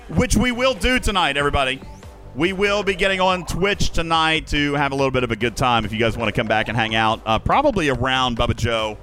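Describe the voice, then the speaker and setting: A man's voice: fairly high pitch, lively intonation, fairly quick, bright, forceful tone, soft background music. A man hosting a casual podcast livestream, playful and hyping up his audience. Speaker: podcast host.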